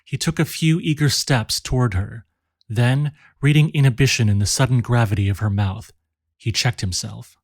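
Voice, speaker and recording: Man reading old story, calm, mid pitch, dry close sound. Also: moderate pace, no echo. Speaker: reader. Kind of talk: audiobook narration.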